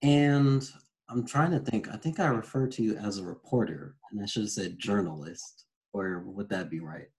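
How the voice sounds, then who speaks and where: Hesitant low gravelly man host. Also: normal speed, a little mellow, poor audio. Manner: hesitant, rambling, many ums. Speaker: interview host. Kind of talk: casual interview hosting.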